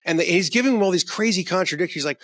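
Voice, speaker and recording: A man argues hard as a podcast guest, his voice sitting a little high for a man and recorded dry and close. He pushes each point with emphasis and restarts sentences as the thought outruns him. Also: rapid-fire, fairly bright tone, no room sound. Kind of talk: heated conversational rant.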